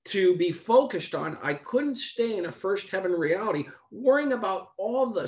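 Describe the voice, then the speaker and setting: A man's voice: sits high, expressive, moderate pace, few pauses. A man preaching in a conversational Bible-teaching style, emphatic, repeating key phrases and asking rhetorical questions.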